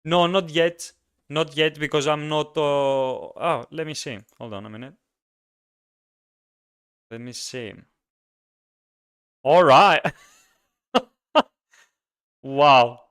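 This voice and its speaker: A man's voice: a little high, takes it slowly, pauses often, fairly bright tone, clean tone. A man hosting a casual solo podcast, speaking emphatically and ranting with frequent repeats. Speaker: podcast host.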